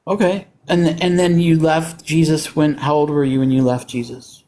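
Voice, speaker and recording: A man with a fairly high voice speaks up for his faith on a call-in debate. He is earnest and insistent, often quoting scripture. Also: little pitch movement, moderate pace, warm tone. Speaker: Christian debater.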